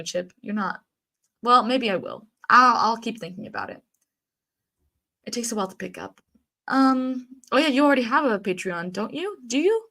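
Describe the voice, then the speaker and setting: A chatty woman live-streams casually with a blocked nose, reading chat aloud, laughing a lot, and dropping plenty of ums and likes. Her voice is fairly high and bright, with a forceful tone.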